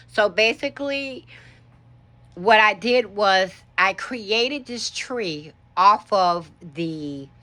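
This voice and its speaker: Slow-talking woman with a bright voice. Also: lowish voice. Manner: chatty, explaining as she points things out. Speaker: home decor vlogger. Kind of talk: casual show-and-tell walkthrough. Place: her bedroom, indoors.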